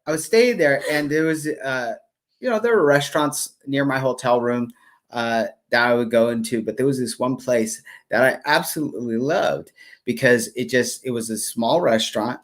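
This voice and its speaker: A man's voice: medium pitch, normal speed. A man co-hosting a live devotional stream, telling a travel story hesitantly with many fillers and restarts. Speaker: co-host. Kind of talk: casual storytelling.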